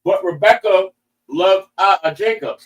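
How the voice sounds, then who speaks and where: A man's voice: sits high, a little slow, far from the mic, lo-fi sound. A man reading scripture verses aloud in a class, plain and a little hesitant. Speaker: scripture reader.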